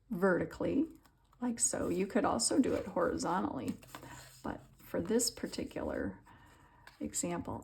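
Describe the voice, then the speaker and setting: Craft host, female: gravelly, unhurried delivery, gushes and drops into whispers while demonstrating. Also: on the low side, slight background noise. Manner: gushing and excitable, frequent gasps and soft whispered asides. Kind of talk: crafting tutorial, chatty demonstration.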